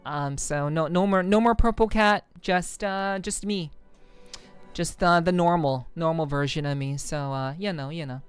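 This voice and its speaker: A woman's voice: low voice, moderate pace, smooth, soft background music. A woman streamer chatting casually with her viewers, rambling with many fillers and restarts and swearing freely. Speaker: VTuber streamer. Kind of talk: casual stream chat reading comments.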